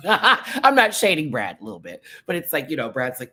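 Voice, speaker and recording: Sassy bright-voiced man reviewing a show. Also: mid-range voice, a little fast. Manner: sassy, animated, big swings between loud bursts and hushed asides; drag slang, calls viewers sister and baby. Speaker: drag race show reviewer, channel host. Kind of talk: casual commentary to camera.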